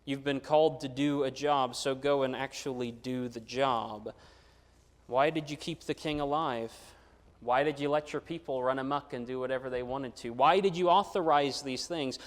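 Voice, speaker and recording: A man's voice: mid-range voice, normal speed. A man preaching a sermon, earnest, briefly voicing quoted Bible figures. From United States. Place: church sanctuary. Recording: long hall reverb.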